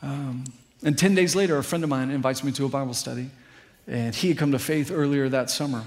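A man's voice: medium pitch, fairly quick, darkish tone. A middle-aged man preaching a sermon as pastor, earnest and building to fervent appeals.

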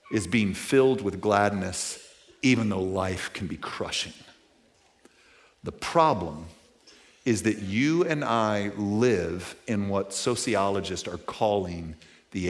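A pastor with a voice on the low side preaches to a church congregation, keeping it casual and conversational. He leans on a lot of fillers and swings from loud passages to hushed ones.

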